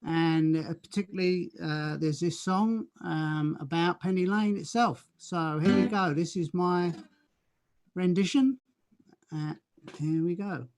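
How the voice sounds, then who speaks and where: A man's voice: sits high, a little slow, music in the background. A man with a Cockney accent chatting casually and rambling a little before he sings. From London. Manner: easygoing, rambling with fillers. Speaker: guest singer. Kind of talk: casual chat and singing covers.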